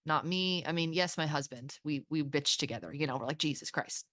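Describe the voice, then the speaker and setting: Low-voiced woman, frank and profane. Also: fairly bright tone, no echo, studio quality. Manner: frank, swears freely, halting restarts. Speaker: podcast host. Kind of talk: candid therapy-style conversation.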